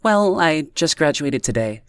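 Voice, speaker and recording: A timid young woman, as a male narrator puts her on, her voice lifted high and a little unsure. She speaks haltingly in a dry, close audiobook recording. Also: expressive, no room sound. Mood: shy. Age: young adult. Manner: hesitant, quiet. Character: shy anxious young woman graduate.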